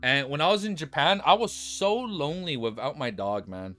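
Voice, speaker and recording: A man's voice: fairly high pitch, animated, moderate pace, fairly bright tone. A young man streamer rambling casually through his outro from the floor at home, often breaking into playful baby talk with his dog. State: low energy.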